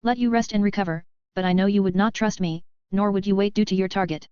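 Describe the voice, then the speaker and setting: A woman voicing a calm, knowing young male leader who speaks in a measured way. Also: medium pitch, smooth, dry recording, lo-fi sound, close to an everyday voice.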